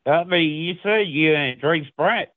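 A man's voice: a little high, measured pace, dry recording. A man on a phone call, hesitant and insistent, full of fillers. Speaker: caller. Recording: tinny phone line.

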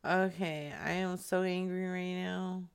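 A woman's voice: fairly low pitch, flat delivery, measured pace, clean tone. A woman co-hosting a comedy show, giggly and teasing in her banter. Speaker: co-host.

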